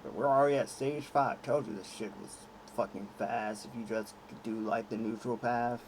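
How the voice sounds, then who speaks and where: A man's voice: mid-range voice, fairly even intonation, normal speed, slight background noise. Rambling, cursing man streaming a game. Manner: rambling, filler-heavy, profane. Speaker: gaming streamer. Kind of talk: casual gaming commentary. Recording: loud game music behind.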